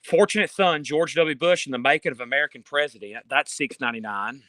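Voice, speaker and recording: A man's voice: medium pitch, fairly quick, hardly any pauses, fairly bright tone, no room sound. A man selling books on a live stream from a store, reading out titles and prices with chatty asides, filming on a handheld phone. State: out of breath. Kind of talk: casual live sales patter. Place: indoor store.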